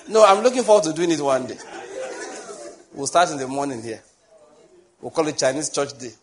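A man with a Nigerian accent preaching a sermon as pastor, joking and digressing, then slowing down to spell out his points one by one. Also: a little high, a little hiss or hum. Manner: joking, digressive, laughs often between points; slow, spelled-out teaching with lists.

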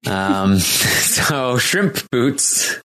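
A man co-hosting a casual podcast chat, rambling with frequent ums and restarts and slowing down to announce each competitor. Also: medium pitch, animated, bright, forceful tone. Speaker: podcast co-host recapping episodes.

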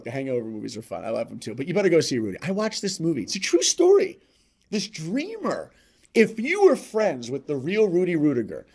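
A man on a podcast telling a motivational life story, speaking straight to listeners and swinging between loud emphasis and quiet asides. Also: high-pitched, slightly rough. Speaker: podcast guest.

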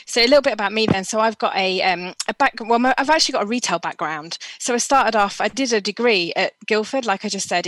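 A woman coach with a slight Lincolnshire accent, a friendly and lively storyteller, speaking as a podcast guest. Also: medium pitch, no room sound. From Skegness, Lincolnshire, England. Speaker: personal development coach.

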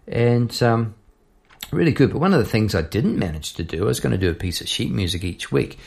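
A middle-aged man with a New Zealand accent, hosting a songwriting podcast in a relaxed, rambling chat with many restarts. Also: on the low side, brisk, gravelly.

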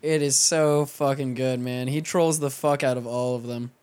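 A man's voice: mid-range voice, fairly even intonation, normal speed, a little mellow, smooth. A young man hosting a home podcast, talking in a laid-back, profane, chatty way. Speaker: podcast host. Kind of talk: casual podcast chat.

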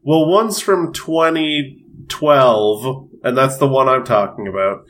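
A man co-hosting a loose, joking podcast, delivering his lines dry and deadpan. He talks plainly, with easy hesitations. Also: mid-range voice, slow pace. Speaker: podcast co-host. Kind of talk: casual podcast banter.

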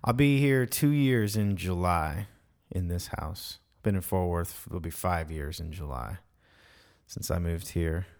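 Lowish-voiced guy hosting a podcast at home, eager and gushing. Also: a little slow, darkish tone. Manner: enthusiastic, effusive praise. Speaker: podcast host. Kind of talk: casual podcast conversation. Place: home studio.

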